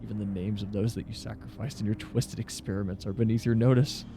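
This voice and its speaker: A man voicing a stern older imperial commander from a game, grave and measured. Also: fairly low pitch, fairly even intonation, dark tone, soft background music, pitched below the performer's own voice, lightly acted. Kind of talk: voicing game dialogue on stream.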